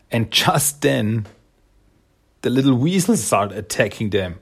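A man's voice: medium pitch, very animated, takes it slowly, gravelly, long pauses, slightly rough. A man casually recapping a cartoon episode, rambling with fillers and chuckles.

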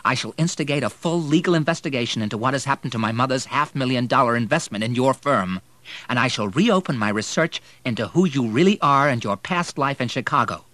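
A man voicing a furious, grieving young man who shouts and threatens. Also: mid-range voice, expressive, fairly quick, dry recording, voice pushed up. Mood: cold threatening. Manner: shouting through rage.

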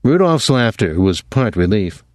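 Low-voiced male audiobook narrator. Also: sing-song, measured pace, a little mellow, no echo. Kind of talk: scripted narration.

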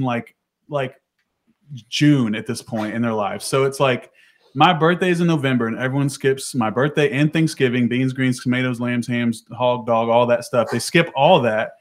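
A man's voice: medium pitch, normal speed. Hesitant, rambling man on air. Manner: hesitant, self-deprecating, rambling. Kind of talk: casual chat.

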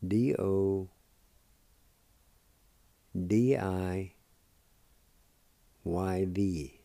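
A man teaching a language lesson, spelling and sounding out words slowly, syllable by syllable. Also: low-pitched, vocal fry, warm tone, dry recording. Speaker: language teacher and radio host. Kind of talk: slow pronunciation lesson.

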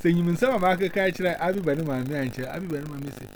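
A man's voice: fairly high pitch, fast, slight background noise. A man giving earnest advice, mixing English words into his talk.

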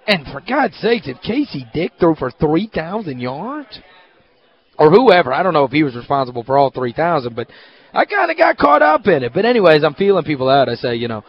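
A man hosting a sports radio show, telling stories in an animated, casual way. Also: fairly high pitch, brisk, muffled recording. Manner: animated storyteller, excitable. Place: hotel at a media event.

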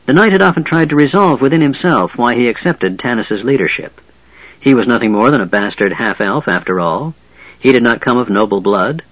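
A man reading fantasy narration aloud in a steady, even storytelling manner. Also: mid-range voice, no echo, lo-fi sound. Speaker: audiobook narrator.

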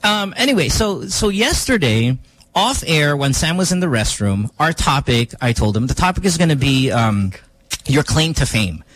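A man's voice: moderate pace, no echo, poor audio. A man, hosting a radio show and telling a story in casual chat. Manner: animated storytelling, quoting others with rising pitch.

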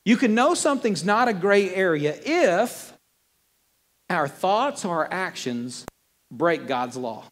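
Animated preacher man, high voice, echoing hall. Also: takes it slowly. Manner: animated, conversational preaching with playful asides. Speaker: pastor. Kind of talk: sermon.

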